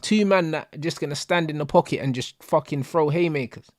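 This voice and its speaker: Animated man, dry close sound. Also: a little high, fairly quick, no room sound. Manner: animated slang-heavy banter, laughing. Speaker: host of a football watch-along stream. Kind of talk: casual stream chat.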